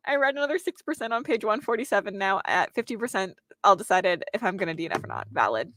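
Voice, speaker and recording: A woman's voice: mid-range voice, animated, quick pace, hardly any pauses, sharp tone, no echo. A young woman hosting a casual reading livestream, reading viewer comments aloud and chatting back to them. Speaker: booktuber host reading chat aloud.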